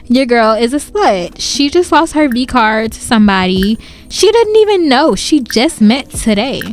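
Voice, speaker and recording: A snide mean teen girl, as a woman puts her on, throwing shade with slow, cutting insults. The voice is fairly high, and faint music runs under the game video. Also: very animated.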